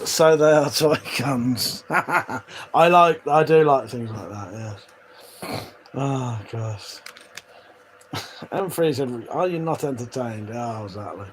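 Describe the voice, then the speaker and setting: Hosting a livestream, a man with a mid-range voice chats casually, swearing a lot and laughing while he reads comments from viewers. The audio is poor, with a bit of hiss or hum.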